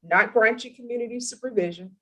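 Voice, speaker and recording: A woman judge in a courtroom, asking formal, deliberate questions in a stern manner. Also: a little high, sharp tone, low-quality recording. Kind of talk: courtroom plea hearing.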